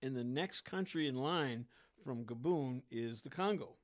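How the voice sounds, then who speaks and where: Animated man telling pilot stories. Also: medium pitch, a little slow. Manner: animated storyteller, acts out dialogue, laughs often. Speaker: ferry pilot guest. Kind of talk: casual storytelling interview.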